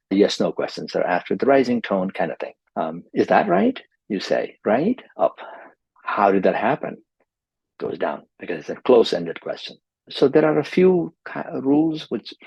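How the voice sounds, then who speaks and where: A man's voice: low voice, creaky, a little mellow, slightly rough, no room sound, dull audio. A man teaching pronunciation in an instructional video, talking emphatically and repeating his key advice.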